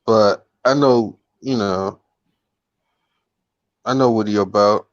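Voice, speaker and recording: A man co-hosting a casual podcast chat, easygoing and quick to chuckle. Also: lowish voice, no room sound, dull audio.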